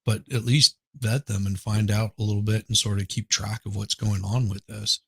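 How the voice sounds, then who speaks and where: Male guest on a video-call live chat; husky, low voice, dry sound, rambling talk that trails off. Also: flat delivery, moderate pace, dry recording. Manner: rambling, trailing off mid-sentence. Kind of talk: casual chat.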